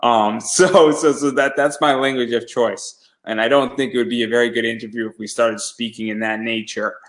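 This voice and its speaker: A man's voice: medium pitch, steady tone, moderate pace, a bit bright, low-quality recording. A man hosting a casual interview, talking in a rambling, hesitant way with many restarts. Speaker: podcast host.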